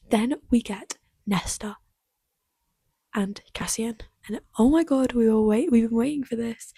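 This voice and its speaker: A young woman chats about her reading in a breathy, husky voice, warm and mellow in tone. She gushes and often slips into a half whisper. The sound is close and dry. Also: fairly high pitch, no room sound. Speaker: book vlogger. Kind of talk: casual chat.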